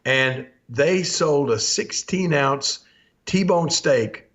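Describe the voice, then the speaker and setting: A man's voice: fairly high pitch, lively intonation, extremely slow, a bit bright. An older man, hosting a podcast and telling rambling stories, laughing often and acting out old quotes. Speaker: podcast host. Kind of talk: storytelling chat. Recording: slightly dull lo-fi audio.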